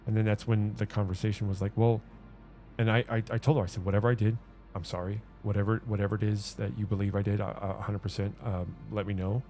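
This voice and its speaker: A man's voice: fairly low pitch, little pitch movement, fast talker, mellow, faint music behind. A man streaming, telling a personal story in an earnest, rambling way with many restarts and repeated words. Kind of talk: casual livestream chat.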